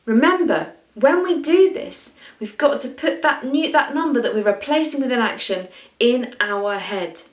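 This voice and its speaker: A British woman music teacher leading a singing warm-up for children and families, cheerful and encouraging with a self-mocking humor. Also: a little high, expressive, moderate pace. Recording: echoey room.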